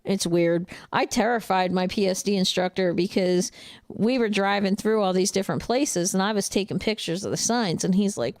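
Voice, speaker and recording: Woman trucker, Jersey accent, gravelly, dry close mic, blunt livestream chat. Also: medium pitch, normal speed, darkish tone, no room sound. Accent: New Jersey. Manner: blunt, outspoken, laughs often. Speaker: truck driver and trainer. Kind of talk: casual livestream chat reading viewer comments.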